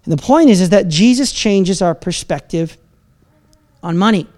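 A man's voice: high-pitched, animated, normal speed, darkish tone. A man preaching a sermon as pastor, talking in a conversational, self-deprecating way with asides and laughs.

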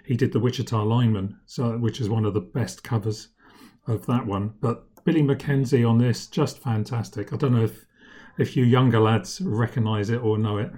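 A man co-hosting a casual music chat, relaxed and easygoing. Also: mid-range voice, moderate pace. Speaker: co-host.

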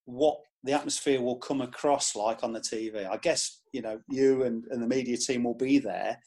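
A man who is a club historian, telling lively anecdotes in a podcast chat. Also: mid-range voice, normal speed.

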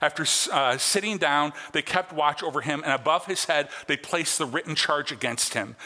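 A man's voice: on the high side, moderate pace, hardly any pauses, pushed and bright. A man preaching a sermon as a pastor, earnest and conversational, checking in with his congregation. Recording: long hall reverb.

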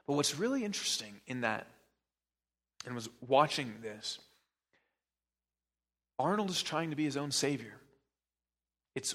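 A man's voice: medium pitch, lively intonation, moderate pace, long pauses, a bit bright. A male pastor giving a sermon in a conversational way, with joking asides to the congregation.

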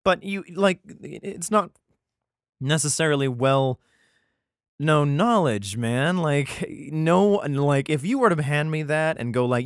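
A man's voice: a little high, lively intonation, slow pace, clean tone, no echo. Foul-mouthed guy ranting through his podcast, voice jumps all over, super dry sound. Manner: profane, rambling, exasperated asides. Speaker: podcast host. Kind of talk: casual Bible reading podcast.

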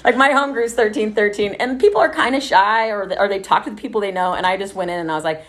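A woman's voice: medium pitch, fast. A woman from Texas telling her recovery story in a casual, chatty way, swearing freely and laughing often.

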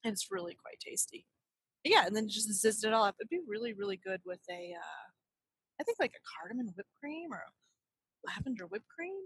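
A woman's voice: mid-range voice, very animated, normal speed, husky, no room sound. A woman co-hosting a casual podcast chat, giggly and teasing. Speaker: podcast co-host.

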